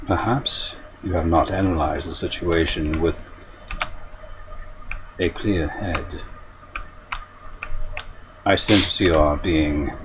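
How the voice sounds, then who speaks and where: A man doing an impression of a calm, calculating male alien grand admiral, speaking slowly and measuredly in a lowered voice. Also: background noise. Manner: slow, measured, lowered cool delivery. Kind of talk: live-stream impression.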